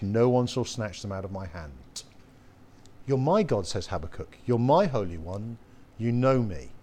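A man preaching a sermon in an earnest, emphatic way, asking his listeners rhetorical questions and slowing down to read scripture. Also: mid-range voice, a little mellow. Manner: slows down to read scripture quotes.

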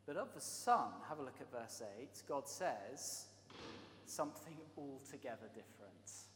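A man preaching a sermon, emphatic, swinging between loud stresses and quiet asides. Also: mid-range voice, a little slow, slight background noise. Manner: emphatic, varied delivery with rising and dropping volume. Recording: echoey hall with long reverb.

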